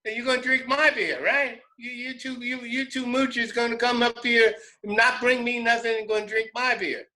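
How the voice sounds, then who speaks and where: A man voicing a surly rural man who yells, indignant, in a high strained voice. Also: little pitch movement, normal speed, hardly any pauses, exaggerated voice, rough recording. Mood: indignant yelling. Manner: loud, indignant, high-pitched. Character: surly rural adult man yelling about beer.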